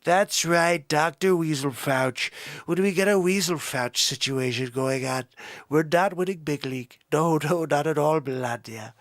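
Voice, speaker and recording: A man's voice: fairly high pitch, moderate pace, dry recording, clean studio sound, lightly acted. A man doing an impression of a blustering, boastful older male politician, brash and repetitive.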